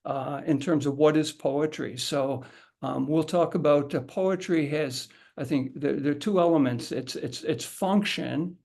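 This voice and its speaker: Man, middle-aged, teacher, gravelly tone, casual instructional talk, restarts and repetitions. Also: fairly high pitch, measured pace, a little mellow. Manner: conversational, repeats words and restarts, demonstrates aloud. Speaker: haiku teacher leading a workshop.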